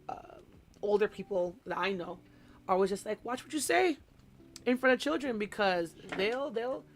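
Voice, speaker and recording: A young woman who teaches small children, chatting casually and telling an animated story while she does a craft on a live stream. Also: mid-range voice, slight background noise. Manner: animated storytelling, mimics voices, chatty asides. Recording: soft background music.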